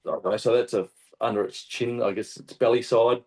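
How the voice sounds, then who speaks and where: A man with an Australian accent, a hunting guest telling a story in casual chat, animated and swearing often. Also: medium pitch, normal speed. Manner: animated, swears often, acts out shouted quotes. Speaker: guest hunter.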